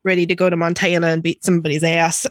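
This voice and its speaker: A woman's voice: lowish voice, flat delivery, fast, no room sound, studio quality. A woman hosting a podcast in casual chat, chatty and emphatic with sympathetic interjections. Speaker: podcast host.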